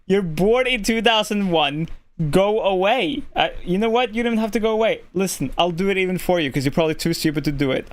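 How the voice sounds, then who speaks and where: Norwegian streamer dude, high voice, swears a lot, snapping at chat. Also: male voice, fairly bright tone. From Norway. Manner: profane, irritated ranting at chat. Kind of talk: casual live stream chat.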